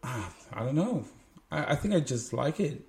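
A man from Brazil with a Brazilian Portuguese accent, speaking English as a second language in a casual podcast chat, animated and acting out quotes with loud bursts. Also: medium pitch, moderate pace, vocal fry. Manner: animated, acts out quotes with sudden loud outbursts. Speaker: podcast co-host.

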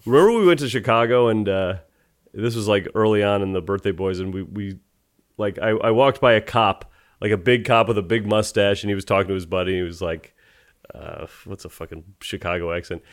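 A man's voice: lowish voice, brisk. A man co-hosting a podcast in joking casual chat, often acting out other people's voices. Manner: joking, playful, acts out voices. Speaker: podcast co-host.

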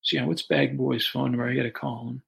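A man's voice: mid-range voice, level tone, poor audio. A man telling a rambling, improvised comic story, stumbling through restarts and asides. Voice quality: gravelly, husky. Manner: halting, full of restarts and asides. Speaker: comedy storyteller.

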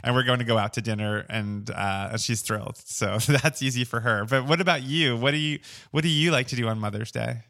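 A man with a bright, tense voice hosts a casual chat. He asks curious, self-deprecating questions and laughs easily. His pitch is ordinary for a man. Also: fairly quick, gravelly, hardly any pauses. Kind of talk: casual conversation.

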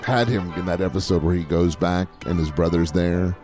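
Lower-voiced wry male podcast co-host. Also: steady tone, normal speed, a little mellow, soft background music. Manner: wry, laughs often. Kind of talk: casual chat. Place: garage studio at his home, door open.

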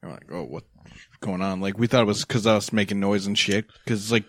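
A man's voice: fairly low pitch, little pitch movement, fast, no room sound. A young man hosting a podcast, telling a crude college story in casual chat. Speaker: podcast host.

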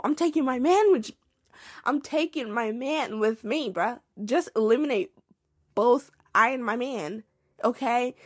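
A young woman with a slightly high, breathy-edged voice rants solo on her own podcast, with no echo. Her casual delivery is slangy and exclamatory.

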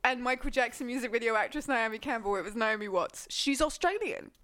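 English woman, high voice, podcast host, giggly and rambling. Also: animated, noisy background. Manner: giggly, rambling, quick to laugh. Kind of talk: casual chat.

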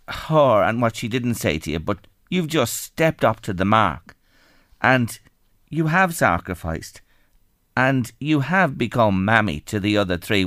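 A man's voice: on the low side, fairly bright tone, dry recording, studio quality. A man hosting a radio interview, speaking with earnest, emotional encouragement. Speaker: radio host.

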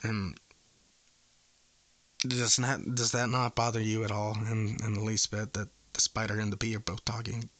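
Brash prank caller, a man who rants and swears; bright, dry sound. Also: on the low side, flat delivery, moderate pace, dry recording. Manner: profane, rambling, escalating outbursts. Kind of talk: prank phone call.

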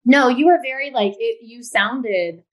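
A woman's voice: on the high side, a little slow. A middle-aged woman co-hosting a podcast, emphatic and opinionated, cutting in to make her point in casual chat. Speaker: podcast co-host.

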